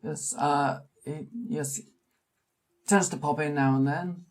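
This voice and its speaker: A man putting on small older male publisher, high pitched, fluttery, courteous. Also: fairly even intonation, takes it slowly.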